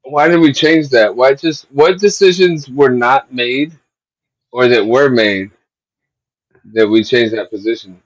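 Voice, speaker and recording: A man's voice: medium pitch, no room sound, rough recording. Profane, emphatic male podcast host. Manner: profane, emphatic, talks fast in long run-on stretches. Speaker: show host. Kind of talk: casual livestream podcast chat.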